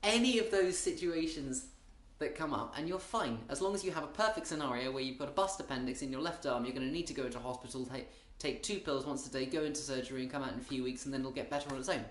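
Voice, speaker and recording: A British man talks through a comic monologue in a wry, meandering way. He keeps stopping mid-thought to restart, and his voice sits at an ordinary middle pitch. The room around him rings with noticeable echo. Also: fast talker, a bit bright. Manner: wry, rambling, self-interrupting. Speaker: comedian.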